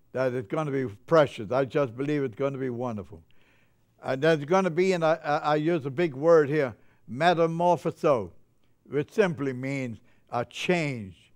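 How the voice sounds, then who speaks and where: An older male preacher delivers a chapel sermon with fervent, joyful energy that runs away with him. His voice sits a little high for a man. It stays smooth and resonant throughout. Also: unhurried. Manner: fervent, gets carried away with joy.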